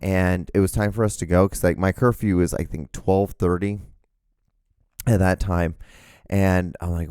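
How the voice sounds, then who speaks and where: A man's voice: deep voice, fairly even intonation, moderate pace, darkish tone, clear, resonant tone, dry recording, studio quality. A man in his thirties telling a rambling, profane personal story on his solo podcast, with many restarts. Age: 30s. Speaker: podcast host.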